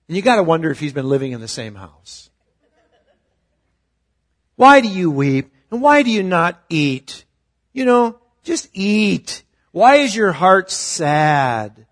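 A male pastor giving a conversational, humorous sermon, with sudden shifts between loud and soft. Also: medium pitch.

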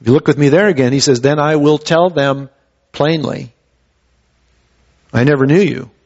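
Higher-voiced male preacher, dull recording. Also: moderate pace, vocal fry, darkish tone. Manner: conversational expository preaching with hesitant restarts. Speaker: pastor. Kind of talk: sermon. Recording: dull lo-fi sound.

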